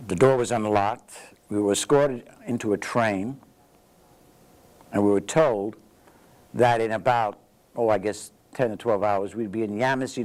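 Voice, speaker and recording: Poor audio captures a medium-pitched veteran in his eighties, originally from the Bronx, sharing anecdotes in an interview. He brings the stories to life by acting out what people said.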